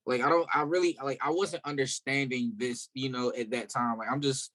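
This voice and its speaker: A man from South Carolina, a guest musician in a casual interview, telling stories in a candid, animated way. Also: mid-range voice, brisk.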